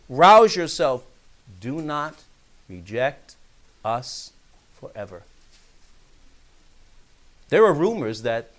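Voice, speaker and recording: An earnest man teaching a radio Bible study. He reads the verses with building emphasis, then sinks into quieter asides to explain them. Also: fairly high pitch. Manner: earnest, openly gets riled up. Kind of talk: radio Bible study, reading scripture aloud.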